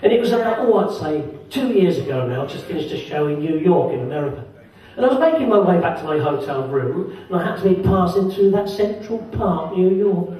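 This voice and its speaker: A man's voice: high voice, expressive, fairly quick, dark tone. A man, a magician and comedian, telling a jokey story on stage and chatting with the audience. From England. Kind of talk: stand-up comic storytelling on stage. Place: holiday village entertainment venue. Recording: very echoey hall, distant, crowd noise.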